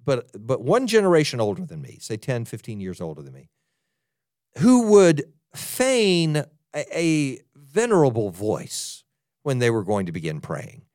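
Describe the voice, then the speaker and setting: A man preaching as a pastor in a conversational sermon, animated and talking straight to his listeners with asides. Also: fairly low pitch, normal speed, dry recording, clean studio sound.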